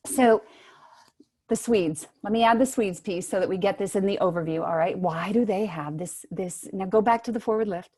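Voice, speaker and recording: A woman voice teacher giving brisk, encouraging instructions to singers in an online workshop, heard over a video call microphone. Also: medium pitch, dark tone, breathy edge. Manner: brisk, encouraging coaching with spoken demonstrations.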